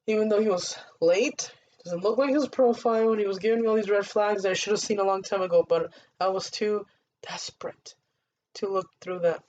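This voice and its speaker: A woman's voice: mid-range voice, fairly quick, a little mellow. Young woman rambling through a storytime. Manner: rambling, leans on "I'm like" to replay dialogue. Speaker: vlogger. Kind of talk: casual storytime. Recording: dull lo-fi audio with faint hiss.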